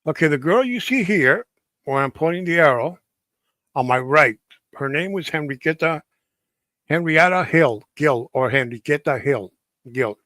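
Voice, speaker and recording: A man casually telling a ghost story on a stream, halting often and restarting his sentences. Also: a little high, lively intonation, pushed and bright, no room sound. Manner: halting, many restarts and fillers.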